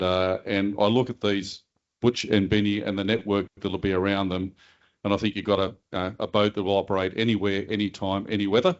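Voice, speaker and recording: Older man, low, formal. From Australia. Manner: measured, with occasional restarts. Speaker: guest of honour christening a vessel. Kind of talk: short formal ceremonial speech. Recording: slightly dull lo-fi recording.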